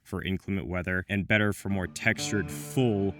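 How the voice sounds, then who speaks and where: A man's voice: deep voice, fairly even intonation, moderate pace, music in the background. A man giving a scripted product review with wry, self-deprecating asides. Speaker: menswear reviewer.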